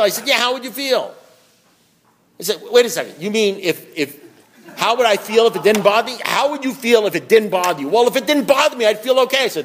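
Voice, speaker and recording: A man's voice: sits high, animated, fast. A man giving a recovery meeting talk, telling folksy stories, acting out both sides of conversations, blunt and joking with frequent laughs. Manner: folksy storytelling, acts out both sides of dialogue. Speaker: recovery speaker.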